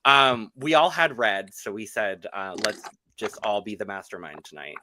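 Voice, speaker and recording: Man, podcast host, campy, chatty, worn voice, bright tone, dry close sound. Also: lowish voice, normal speed, dry recording. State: voice giving out. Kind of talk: casual chat.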